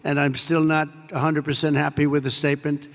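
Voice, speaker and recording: A man's voice: on the high side, little pitch movement, a little fast. An older man giving an off-the-cuff speech full of rambling, digressive anecdotes and repeated superlatives. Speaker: public speaker. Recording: echoey large hall.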